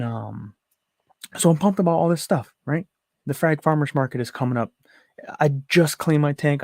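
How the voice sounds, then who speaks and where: A man's voice: mid-range voice, creaky, a little mellow, dry recording, clean studio sound. A young man telling a frustrated, rambling story in a casual home vlog. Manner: rambling, restarts, frustrated retelling. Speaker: aquarium hobby vlogger. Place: home room.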